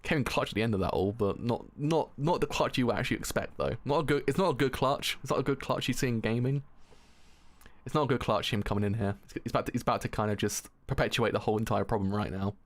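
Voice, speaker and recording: A man on a live stream reading a manga aloud and reacting to it, excitable, laughing and swearing, often stumbling over and repeating his words. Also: mid-range voice, fast.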